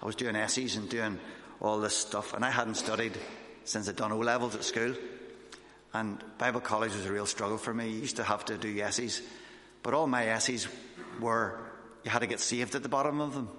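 A man's voice: lowish voice, fairly even intonation, a little fast, sharp tone. Guy preaching casual, lots of uhs and restarts, big echoey hall with long reverb. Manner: conversational, with fillers and restarts. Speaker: missionary preacher. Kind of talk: informal sermon testimony.

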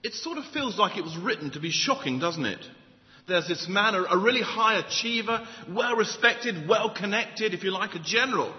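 A man with a high voice preaches a sermon at a moderate pace, opening with a joke and putting rhetorical questions to his listeners. He tells it like an animated storyteller. The audio sounds dull, captured in a reverberant hall.

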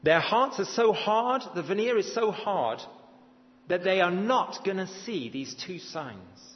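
A man's voice: high voice, animated, unhurried. A man preaching a sermon, telling the story with animation and acting out the voices he quotes. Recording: dull lo-fi sound in a reverberant hall.

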